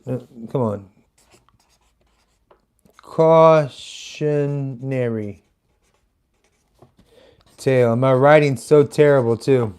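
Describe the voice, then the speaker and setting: A man's voice: medium pitch, mellow, smooth. A man doing live stand-up comedy, telling a rambling story full of restarts and asides. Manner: rambling, self-interrupting, chatty asides.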